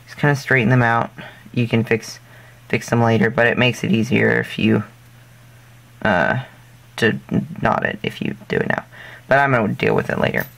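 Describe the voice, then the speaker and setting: A man of ordinary pitch walks through a craft project step by step, in a loose, casual way. He rambles, corrects himself mid-sentence and leans on fillers. Now and then he slips in a goofy, self-deprecating joke. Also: steady tone, normal speed, creaky, long pauses, a bit bright. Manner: jokey and self-deprecating asides. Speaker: craft tutorial host.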